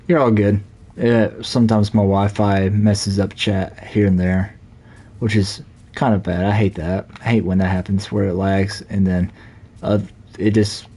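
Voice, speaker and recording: A young man from the Southern United States, with a Southern US accent, chats casually while streaming a game, rambling with lots of fillers. His voice is fairly low and dark in tone.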